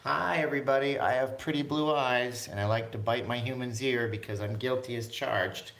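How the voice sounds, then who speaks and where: A man's voice: mid-range voice, fairly even intonation, moderate pace, creaky, a bit bright, reverberant. A man putting on a cheeky little Siamese cat. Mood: cutesy. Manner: cutesy then mock-threatening. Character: playful little female Siamese cat who bites.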